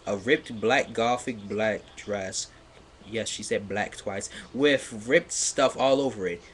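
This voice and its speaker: A man on a livestream reading fan fiction aloud in a mocking dramatic way, sarcastic, with loud outbursts and laughter, sounding a bit stuffy. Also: fairly low pitch, slow pace, a little hiss or hum. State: slightly stuffy.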